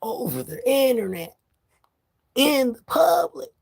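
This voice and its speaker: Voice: high-pitched, very animated, slow pace, vocal fry, slightly rough, no room sound, clean studio sound. A vlogger from New York ranting to camera in casual, profane street slang, heated and laughing by turns.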